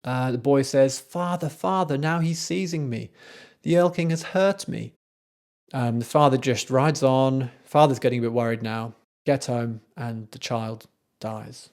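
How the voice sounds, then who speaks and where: A man's voice: medium pitch, darkish tone. A man, a composer, giving a casual, enthusiastic commentary on a classical art song, with a conversational manner. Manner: enthusiastic, conversational, with frequent fillers. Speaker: composer hosting a music analysis show.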